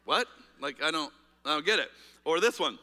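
A man's voice: fairly high pitch, animated, normal speed, bright, forceful tone. A man preaching a sermon as pastor, speaking in a candid, conversational way with fillers and restarts. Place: church auditorium. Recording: reverberant hall.

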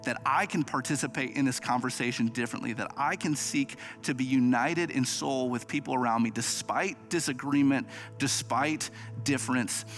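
A man's voice: medium pitch, moderate pace, a bit bright, soft background music. A man, an associate campus pastor, giving a sermon in an earnest, humble way with frequent small restarts.

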